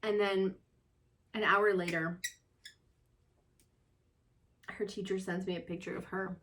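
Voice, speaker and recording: A woman's voice: mid-range voice, flat delivery, slow pace, fairly bright tone. A young woman talking casually to camera from a room at home, chatty and rambling with lots of fillers. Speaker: vlogger.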